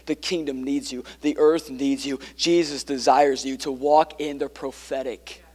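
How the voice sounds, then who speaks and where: A man preaching a sermon, swinging between quiet, intimate passages and emphatic ones, with joking asides to the congregation. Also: mid-range voice, fairly even intonation, unhurried, big-room sound. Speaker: pastor.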